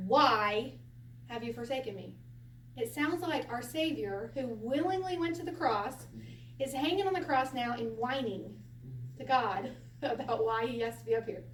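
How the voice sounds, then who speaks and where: A woman teaching a Hebrew lesson to a class, animated and quick to laugh as she acts out quotes. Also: high voice. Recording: echoey room from a distance, faint hiss.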